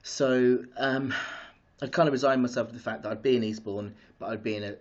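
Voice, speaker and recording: Excitable man on a dull live stream. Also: mid-range voice, brisk. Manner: excitable, chatty, greets viewers and goes off topic. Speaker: vlogger hosting a live stream. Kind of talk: casual live-stream chat. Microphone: streaming device mic.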